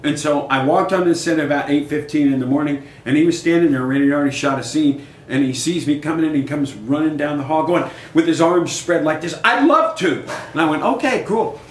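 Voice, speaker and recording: An older man in his sixties, a musician guest in a casual interview, telling animated stories and acting out quoted dialogue. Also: on the high side, fast talker, few pauses. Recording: echoey room with faint noise.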